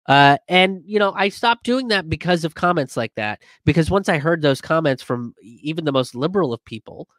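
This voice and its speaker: A comedian hosting a casual commentary stream, reading viewer comments and talking it through with lots of fillers and restarts. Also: male voice, on the high side, brisk, hardly any pauses, dry recording, studio quality. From immigrant. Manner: conversational, many fillers and restarts, animated when quoting others.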